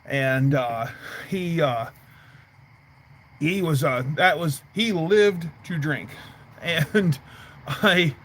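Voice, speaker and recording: A man with a slightly high, somewhat bright voice hosts a casual livestream outdoors by his garage. He rambles through stories packed with fillers, and there is slight background noise.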